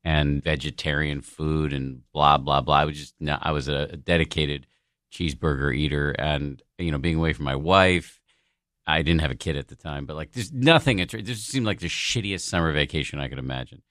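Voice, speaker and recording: A man's voice: rumbling low, brisk, fairly bright tone, dry recording, studio quality. A man guesting on a podcast, telling a personal story in a candid, self-deprecating way with the odd swear word. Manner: frank and profane, self-deprecating.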